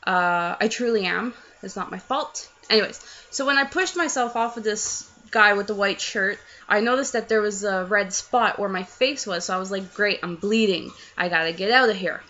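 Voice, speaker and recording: A young woman tells a story in a chatty, rambling way, mocking herself as she goes. Her voice is bright and forceful, sitting at a middle pitch. The recording is dull and lo-fi. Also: normal speed, few pauses. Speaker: fan telling a story. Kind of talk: casual storytelling to camera.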